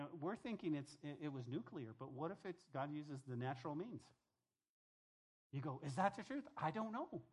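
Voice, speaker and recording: A male pastor giving a sermon, talking to the congregation in a lively, conversational way and reading scripture softly at the close. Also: mid-range voice. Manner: animated, conversational preaching with asides to the congregation.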